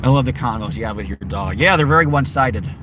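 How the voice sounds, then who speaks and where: A man's voice: mid-range voice, animated, quick pace, noisy background. A man livestreaming from his car, chatting casually, talking to his dog and answering viewers. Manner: talks to his dog and reads out chat, sings along to oldies. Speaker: vlogger. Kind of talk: casual livestream chat while driving. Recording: loud music under the voice. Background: loud oldies music from the car radio.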